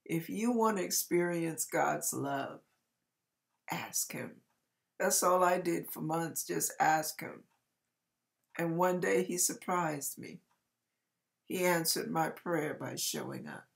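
A woman ministry speaker sharing a heartfelt personal testimony. She speaks earnestly and tenderly, with emotional swells and soft, trailing endings. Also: low-pitched, very animated, slow, vocal fry, long pauses.

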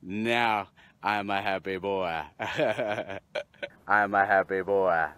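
A man out on a boat, shouting and swearing with excitement as he shows off the fish he caught. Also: fairly low pitch, very slow, clear, resonant tone. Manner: exclamatory, swearing, lively bursts. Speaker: angler. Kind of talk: excited fishing vlog commentary. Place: boat on a lake outdoors.

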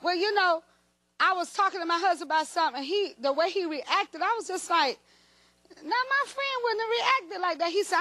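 Very high-voiced bright woman preaching. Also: moderate pace, no room sound. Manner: lively storytelling, addressing the congregation directly. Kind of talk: sermon.

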